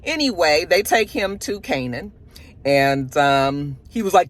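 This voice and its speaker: A woman vlogger reviewing a TV episode in casual, chatty talk, animated and laughing often, recorded in a home studio. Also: deep voice, measured pace. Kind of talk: casual chat.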